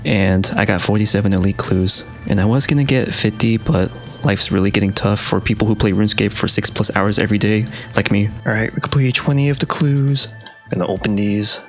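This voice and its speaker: A man giving casual gameplay commentary late at night, keeping his voice quiet and soft, excitable and swearing often as he breaks into gasps and whispers. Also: fairly low pitch, brisk, faint music behind. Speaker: gaming video creator.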